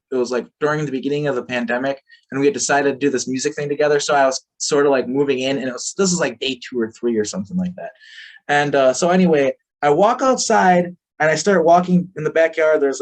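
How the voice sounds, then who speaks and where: A man telling a story as an interview guest, rambling, full of fillers and swearing freely. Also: fairly high pitch. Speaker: podcast guest.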